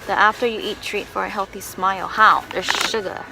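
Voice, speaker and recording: Chatty young mom vlogging on the go. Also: female voice, medium pitch, steady tone, fairly quick, gravelly, background noise. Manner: chatty, rambling, laughs often. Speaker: vlogger, mother. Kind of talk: casual vlog talk to camera. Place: stores and home, in and out of doors.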